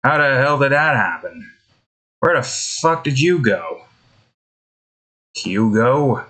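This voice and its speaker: Casting: a slow, bright-toned male game streamer, rambling and sweary, full of restarts. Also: medium pitch, sing-song. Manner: rambling, self-interrupting, swears often. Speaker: game content creator. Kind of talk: gameplay commentary. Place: indoors.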